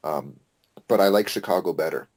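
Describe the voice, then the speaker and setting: A man with a very low-pitched voice talks in a loose, casual podcast chat. He gets excitable, drops the odd swear word and restarts his sentences as he goes. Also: fairly quick, creaky. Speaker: podcast co-host.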